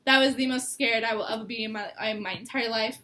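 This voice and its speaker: Tearful young woman, high bright voice, rambling sit-down confession. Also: steady tone, fast talker, a little hiss or hum. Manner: rambling, laughing through tears. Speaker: co-host. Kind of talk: emotional personal sit-down talk. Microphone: mic.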